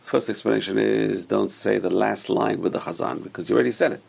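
A man's voice: lowish voice, fairly even intonation, a little fast, vocal fry, darkish tone, slightly rough. A man teaching an informal Torah class, explaining Hebrew sources and giving emphatic warnings.

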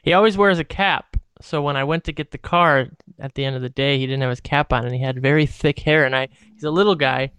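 Smooth-voiced man in casual chat. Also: a little high, fast talker, hardly any pauses, fairly bright tone, no echo. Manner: rambling, laid-back storytelling with fillers. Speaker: podcast co-host.

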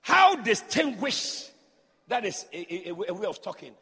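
A man preaching loudly in church, fervent and calling out to the congregation. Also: sits high, fast talker, slightly rough. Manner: loud, fervent, call-and-response. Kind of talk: shouted sermon. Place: church hall. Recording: long hall reverb.

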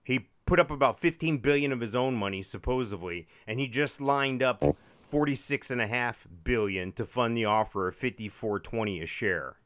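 A man's voice: medium pitch, moderate pace, a bit bright. A man co-hosting a casual podcast chat, joking and wry, rambling through restarts. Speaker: podcast co-host.

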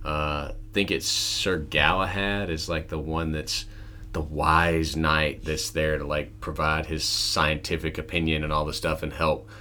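A man with a very low, bright-edged voice talks loosely on a podcast, full of "like" and restarts. He keeps jumping into high, squeaky put-on voices to act out scenes. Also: a little slow. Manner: animated, acts out film quotes in high put-on voices. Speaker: podcast host. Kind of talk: casual chat.

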